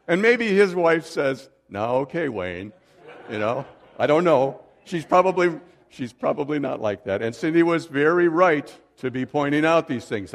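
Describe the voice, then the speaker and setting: A man's voice: on the high side, big-room sound. A middle-aged man preaching a sermon to his congregation in a conversational way, with joking asides. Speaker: pastor. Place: church sanctuary.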